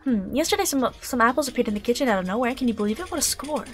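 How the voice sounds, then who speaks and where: Brief: a woman as a polite teacher character, gentle and bright-pitched, over faint game music. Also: expressive, very fast, natural voice. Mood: kindly.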